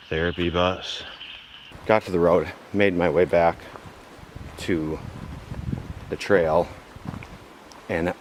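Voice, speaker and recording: A man's voice: deep voice, a little hiss or hum. An exhausted man telling a trail story to a handheld camera outdoors, swearing freely as he goes. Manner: swears freely, animated retelling with put-on quotes. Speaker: solo backpacker vlogging on the trail. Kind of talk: casual vlog storytelling. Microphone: handheld camera at arm's length.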